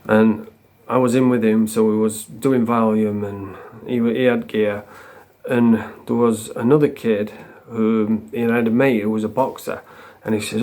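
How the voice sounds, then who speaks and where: A man's voice: lowish voice, fairly even intonation, normal speed. A man casually telling stories, rambling, swearing freely and chuckling as he goes. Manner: acts out quotes with shouts. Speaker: vlogger. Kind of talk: casual storytelling.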